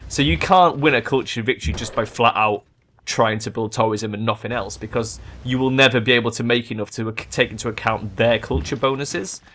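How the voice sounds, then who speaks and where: Excitable man narrating gameplay. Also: mid-range voice, a little fast. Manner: excitable, swears freely, thinks aloud. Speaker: let's play gamer. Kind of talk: gameplay commentary.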